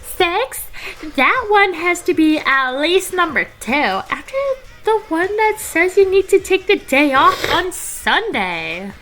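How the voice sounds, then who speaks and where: A woman reading game lines and chatting in an excitable, giggly, exclamatory way. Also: very high voice, takes it slowly, soft background music. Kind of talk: casual dub reading with chat.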